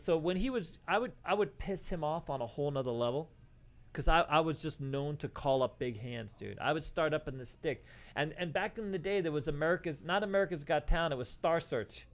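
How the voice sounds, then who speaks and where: A middle-aged man telling casual stories as a co-host on a livestream, swearing and saying "dude" a lot. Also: a little high. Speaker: podcast co-host.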